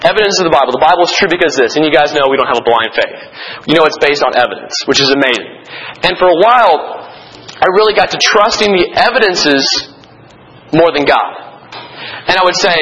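A young man leading a classroom Bible lesson, telling it conversationally with animated restarts. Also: a little high, a little fast, low-quality recording. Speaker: Bible study teacher.

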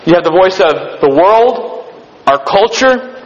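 A man preaching a sermon to a room, reading scripture aloud and stopping to stress points. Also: high voice. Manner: animated preaching, reads scripture aloud with emphatic pauses. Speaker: pastor. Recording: dull reverberant hall sound.

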